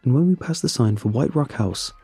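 A man narrating a first-person horror story in a steady, somber way. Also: medium pitch, fairly quick, vocal fry, slightly rough, soft background music.

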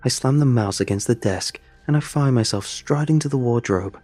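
A man reading a first-person horror story aloud in a measured, brooding way. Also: medium pitch, darkish tone, no room sound, faint music behind. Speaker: narrator.

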